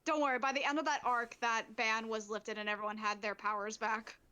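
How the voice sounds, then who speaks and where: Brief: bright, high-pitched woman, crude and loud-mouthed stream co-host. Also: level tone, brisk, a little hiss or hum. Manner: brash, swearing and laughing often. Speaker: guest co-host. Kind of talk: casual livestream chat.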